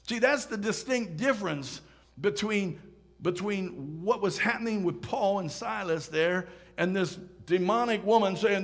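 A man preaching a sermon, swinging from loud emphatic rises to hushed near-whispers. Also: high-pitched, lively intonation, measured pace, vocal fry. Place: church sanctuary. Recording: church hall reverb.

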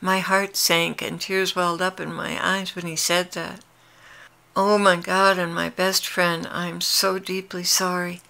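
A woman's voice: lowish voice, flat delivery, unhurried, creaky, pushed and bright. A woman speaking earnestly and intimately in a devotional monologue, confessing openly to her listeners.

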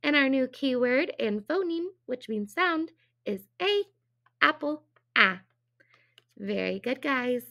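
A woman teaching an early phonics lesson, speaking slowly and drawing each sound out for small children. Her voice sits a little high, with a gravelly edge. She asks cheerful, encouraging questions. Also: animated, fairly bright tone, muffled recording. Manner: slow, exaggerated sounds for young children.

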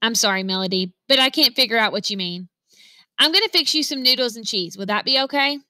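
A woman's voice: a little high, fast talker, no room sound. A woman reading a patient, puzzled father. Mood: apologetic. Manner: gentle, questioning.

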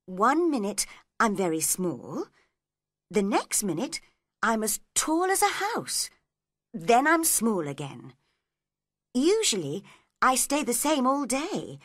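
Woman voicing a polite earnest little girl, higher-pitched, lively lilt, storybook reading, dry sound. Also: slow, no room sound, full character voice. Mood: polite, puzzled. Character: polite, puzzled young girl.

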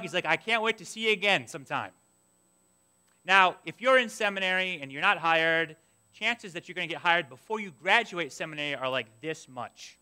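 A young adult man preaching a sermon, telling a personal story in an animated way and acting out his own past complaints. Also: high-pitched, clear, resonant tone. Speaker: pastor.

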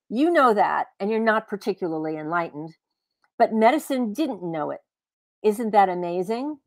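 A woman's voice: mid-range voice, no room sound, natural voice. A woman voicing an indignant, bitter woman who argues sharply with a man in a cafe. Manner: sharp, heated.

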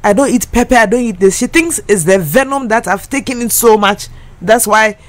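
A Ghanaian woman crying as she speaks on the radio, halting and repeating herself as she slips between English and Twi. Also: on the high side, no room sound. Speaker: radio guest. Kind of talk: emotional on-air confession.

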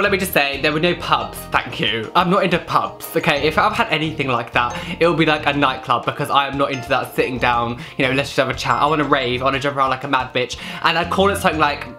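A man's voice: medium pitch, sharp tone. A young man with a British accent chatting casually in a vlog, answering tag questions with giggles and blunt swearing. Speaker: vlogger.

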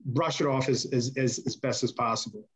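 A man telling backstage stories as a podcast guest, rambling and animated, loudly acting out the voices of the people he quotes. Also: mid-range voice, brisk. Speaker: podcast guest, former wrestler. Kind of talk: casual storytelling interview.

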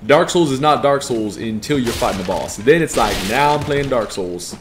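A man's voice: medium pitch, animated, normal speed, background noise. A man with a strained voice giving joking, profane live commentary as he plays a game and reads chat aloud. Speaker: game streamer.

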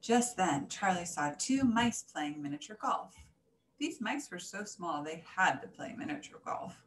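Woman reading a children's story, animated. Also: fairly low pitch, unhurried. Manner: animated, singsong repetitions. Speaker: story reader. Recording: echoey room, faint hiss.

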